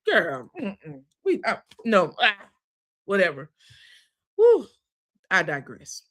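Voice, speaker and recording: A woman's voice: on the high side, sharp tone. A woman giving a chatty, sassy recap of a reality show, full of asides. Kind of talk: casual recap commentary.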